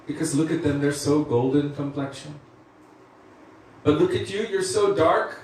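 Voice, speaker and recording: A man's voice: a little high, a little slow, darkish tone, slight background noise, natural voice. A man voicing a group of teasing cowherd boys in a devotional story, in a mocking tone. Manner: mocking, knowing. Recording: echoey room from far off.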